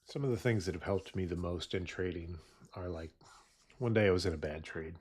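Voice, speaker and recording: A man's voice: deep voice, a little fast, a little mellow, husky. A man trading futures live and talking through trading psychology in a casual, rambling way with many fillers. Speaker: futures trader streaming live. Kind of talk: casual live-stream commentary.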